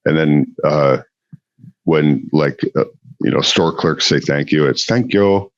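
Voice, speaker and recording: A man's voice: very deep voice, flat delivery, takes it slowly, no room sound, muffled recording. A man from the Upper Midwest, chatting casually on a podcast in a laid-back way, with lots of easy yeps and mm-hmms. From Upper Midwest US near the Canadian border. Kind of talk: casual chat.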